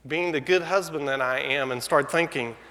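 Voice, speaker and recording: A man pastor telling a story in a sermon, conversational and halting with fillers and restarts. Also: fairly high pitch, noisy background. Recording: echoey hall sound.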